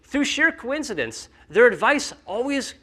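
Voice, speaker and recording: A man speaking casually at a conference, animated and full of fillers, acting out the skeptics he quotes. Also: very high voice, a little slow. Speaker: company founder speaking at a conference.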